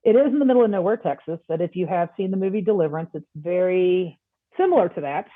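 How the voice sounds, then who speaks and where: A woman guest on a podcast, telling a personal story in a casual, animated way and acting out the dialogue. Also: lowish voice, quick pace, no room sound. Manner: animated, acts out quoted dialogue. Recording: tinny phone-like line.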